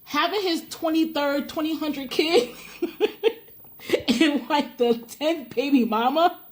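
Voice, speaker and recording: A woman chatting casually about a reality show, animated, laughing often and acting out what people said. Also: sits high, slow. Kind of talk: casual reaction chat.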